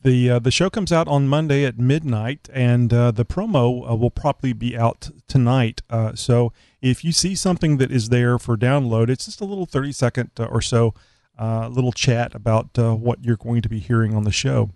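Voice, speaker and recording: A man co-hosting a live talk show, joking and rambling in casual chat with frequent pauses and fillers. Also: mid-range voice, darkish tone, no room sound. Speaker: co-host.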